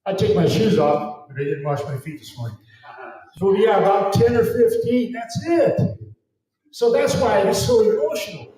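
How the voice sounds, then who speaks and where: A man's voice: sits high, lively intonation, normal speed, dark tone. A man giving a fervent, emphatic public lecture at an event, with a preachy edge. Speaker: event speaker. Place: event hall. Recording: very echoey hall, distant mic.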